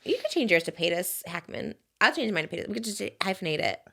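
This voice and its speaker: A woman in her thirties hosts a loose podcast chat, her voice bright and forward. She rambles through stories, leans on fillers and giggles often. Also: lowish voice, very animated, fast, creaky. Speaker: podcast host. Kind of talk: casual chat.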